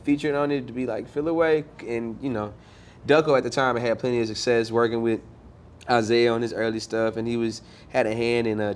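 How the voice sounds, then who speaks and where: A man's voice: medium pitch, slight background noise. A man, a musician guest, telling stories in a loose, slangy way with lots of fillers. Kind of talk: casual interview chat.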